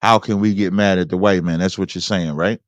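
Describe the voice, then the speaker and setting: Deliberate man reading scripture, dry sound. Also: low voice, fairly even intonation, no echo. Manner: preacherly, deliberate, reads scripture with commentary. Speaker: host. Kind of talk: debate discussion, reading scripture aloud.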